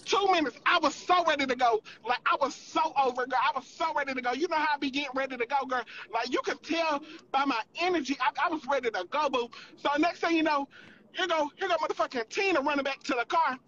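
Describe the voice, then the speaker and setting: Brief: high voice for a profane, animated gossip storyteller, slightly muffled livestream sound. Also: fast. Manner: profane and animated, constantly calling the listener girl and boo.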